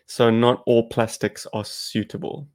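A man's voice: medium pitch, little pitch movement, measured pace, darkish tone. A South African man co-hosting a podcast, chatting casually and explaining things at length. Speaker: podcast co-host.

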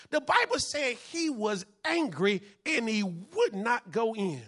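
Male pastor, high bright voice, call-and-response preaching. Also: big pitch swings, slow, hardly any pauses, breathy edge. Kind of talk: sermon.

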